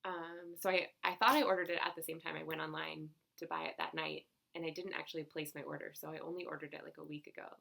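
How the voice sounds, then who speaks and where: A young woman vlogs about her stitching finds in a relaxed, rambling chat. Her voice sits low and carries a lot of vocal fry, and she breaks into giggles and fillers as she goes. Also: fast, hardly any pauses. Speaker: cross-stitch vlogger. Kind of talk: casual chat.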